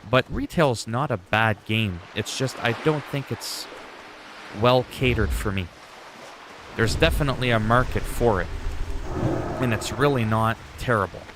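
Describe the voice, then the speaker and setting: A man streaming a game, chatting casually and rambling as he thinks out loud. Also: medium pitch, a little slow, noisy background. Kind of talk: casual gameplay chat.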